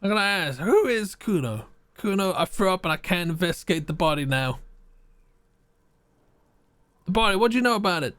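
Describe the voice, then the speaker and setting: A man's voice: high voice, sing-song, brisk, pauses often, a bit bright, smooth, no room sound. A man streaming a game live, reading choices aloud and joking with his chat.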